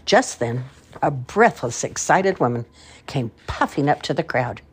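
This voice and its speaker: An older woman with a husky voice reading a children's story aloud with expression. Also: rumbling low, expressive, a little slow, a little hiss or hum.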